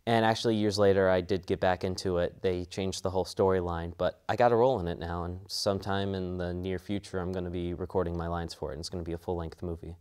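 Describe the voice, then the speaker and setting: Young man, voice actor, casual interview talk, earnest, rambling, slightly low voice. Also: fairly even intonation, quick pace, hardly any pauses, a little mellow, clean tone. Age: young adult. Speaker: voice actor and student.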